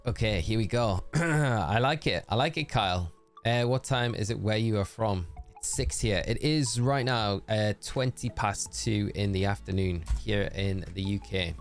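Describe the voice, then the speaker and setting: A man chatting on a live stream, reading out viewer messages and thinking aloud. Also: lowish voice. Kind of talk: casual live-stream chat.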